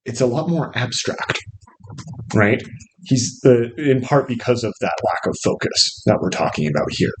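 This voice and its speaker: A man's voice: medium pitch, animated, moderate pace, poor audio. A man teaching a literature seminar who asks questions, praises answers and keeps adding "right?". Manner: encouraging, asks questions, often adds "right?". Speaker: literature instructor.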